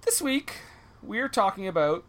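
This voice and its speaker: A man hosting a comedy podcast, easygoing and quick to laugh as he introduces a guest. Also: high-pitched, sing-song, fairly bright tone. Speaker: podcast host.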